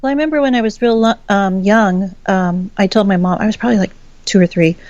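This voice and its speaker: A woman's voice: mid-range voice, fast, a little mellow, no room sound. A woman from Texas, a guest in a casual chat, telling stories with lots of laughs and acted-out quotes. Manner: chatty storyteller, laughs often, acts out quoted voices. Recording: dull lo-fi call audio.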